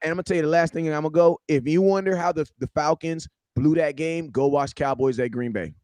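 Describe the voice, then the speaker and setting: A man's voice: a little high, brisk, a little mellow, clean tone, dry recording, studio quality. A man co-hosting a podcast, making emphatic, repetitive points in casual sports talk. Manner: emphatic, repeating points for effect. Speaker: podcast co-host.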